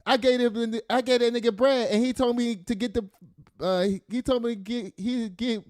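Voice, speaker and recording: A man's voice: very high-pitched, steady tone, moderate pace, a little mellow, dry recording, studio quality, pitched above the performer's own voice. A man voicing a brash, aggrieved young male rapper. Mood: boastful.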